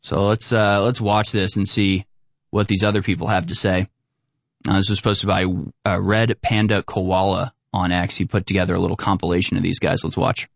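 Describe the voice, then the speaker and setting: A man's voice: low voice, flat delivery, normal speed, vocal fry, no echo. Rambling sarcastic man. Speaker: commentator. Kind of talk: casual commentary.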